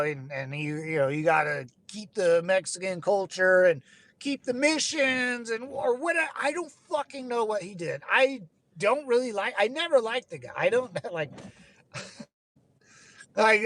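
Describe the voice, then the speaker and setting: A man's voice: sits high, fairly bright tone. A young man from California ranting casually, rambling with frequent restarts, fillers and swearing. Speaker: channel host. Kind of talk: casual rant.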